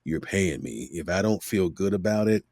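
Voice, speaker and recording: In clean studio sound with no room noise, a middle-aged Miami voice actor speaks at normal speed in a low-pitched voice. As a guest in a casual interview, he animatedly tells stories and performs the voices of whoever he quotes.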